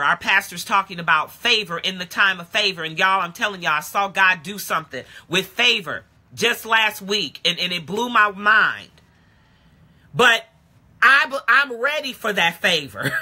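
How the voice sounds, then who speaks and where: A woman preaching a live-streamed sermon in a casual, call-and-response way that swings from low talk to shouted praise. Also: lively intonation, moderate pace. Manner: casual street-talk phrasing. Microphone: phone or webcam live stream.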